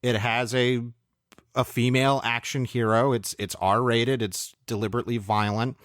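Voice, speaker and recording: A man co-hosting a film podcast, reviewing movies in a measured, thoughtful, opinionated way. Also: medium pitch, fairly even intonation, a bit bright, no room sound, clean studio sound. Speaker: podcast co-host. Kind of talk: casual film review chat.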